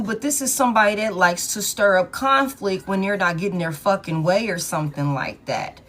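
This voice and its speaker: A woman's voice: on the low side, normal speed, fairly bright tone, faint music behind. A woman giving a collective love tarot reading in a blunt, profane, emphatic way, talking to the cards and repeating her points. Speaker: tarot reader.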